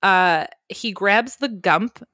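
Animated woman recapping a movie. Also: medium pitch, slow, no room sound, clean studio sound. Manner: animated storyteller, acts out characters in funny voices, swears casually. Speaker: podcast co-host recapping a film. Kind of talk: casual chat.

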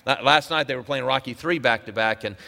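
Middle-aged pastor guy rambling, lots of uh and restarts, mid pitch, long hall echo. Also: a little fast, creaky, pushed and bright. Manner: rambling, with many fillers and restarts. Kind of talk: casual sermon opening.

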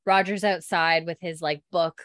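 A woman's voice: fairly low pitch, steady tone, moderate pace, a bit bright, no room sound. A woman casually recapping a TV episode as a podcast co-host, chatty and giggly, acting out the characters' lines. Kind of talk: casual chat.

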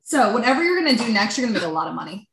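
A woman giving a casual tarot reading, chatty and animated, often saying "like". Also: on the high side, rapid-fire, reverberant. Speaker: tarot reader.

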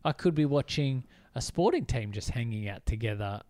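A man's voice: mid-range voice, lively intonation, moderate pace, dark tone, no echo. A man, co-hosting a casual film podcast and talking with eager enthusiasm and many fillers. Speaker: podcast co-host.

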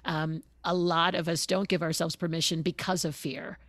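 A woman guest on an interview show talks openly and warmly expressive, laughing as she goes and acting out quotes. Her voice sits low. The sound is dry and close. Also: normal speed, dry recording. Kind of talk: conversational interview.

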